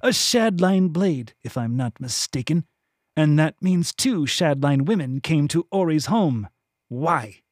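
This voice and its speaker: A man's voice: a little high, lively intonation, slow pace, dry recording, clean studio sound. A man voicing a cold, commanding woman interrogator in a fantasy audiobook, with clipped, icy speech.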